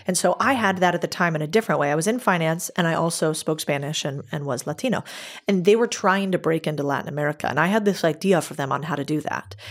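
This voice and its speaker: A woman who is a guest on a podcast, telling stories from her career in a candid, chatty way and acting out bits of dialogue. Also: sits low. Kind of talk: casual interview storytelling.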